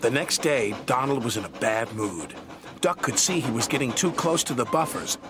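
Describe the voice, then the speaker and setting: Man narrating a lively storybook. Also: medium pitch, normal speed, background noise. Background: music.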